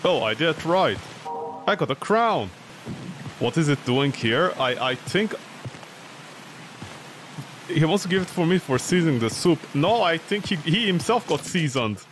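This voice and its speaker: A man streaming a horror game, excitable and joking as he yelps at what happens on screen. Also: fairly high pitch, a little slow, pauses often, slight background noise. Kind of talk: let's play commentary. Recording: game music playing behind voice.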